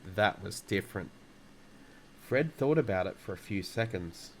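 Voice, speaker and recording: A man with a fairly low voice reads a children's book aloud, calm and unhurried. A faint hiss sits under his steady narration. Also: poor audio. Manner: calm, relaxing delivery. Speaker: storyteller.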